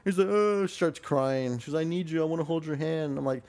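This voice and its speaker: A man's voice: fairly high pitch, a little fast, a little mellow. Rambling, cursing man telling a story. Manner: rambling and profane, heavy on fillers. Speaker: guest storyteller. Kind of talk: casual podcast chat.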